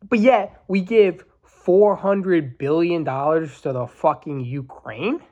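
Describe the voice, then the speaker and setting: A man's voice: on the high side, a little mellow, lo-fi sound. A man in his twenties hosting a podcast, ranting with heavy swearing and stopping now and then to think. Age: 20s. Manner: profane, fired-up ranting with pauses to think. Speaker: podcast host.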